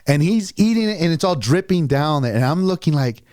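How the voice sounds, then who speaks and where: Man, 40s, podcast host, relaxed, joking, mid pitch, dry sound. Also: fairly quick, no room sound. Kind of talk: casual podcast chat.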